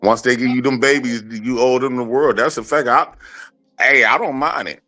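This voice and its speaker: A man's voice: mid-range voice, normal speed, pushed and bright, soft background music. Laid-back man chiming in on a stream. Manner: laid-back, laughing along. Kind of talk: casual chat.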